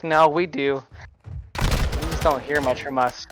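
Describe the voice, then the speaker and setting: A man's voice: on the high side, fairly even intonation, unhurried, noisy background. A man with a Midwestern American accent casting a shooter match, chatty and joking, reading viewers' messages aloud. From United States. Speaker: esports caster. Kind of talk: live game commentary with banter.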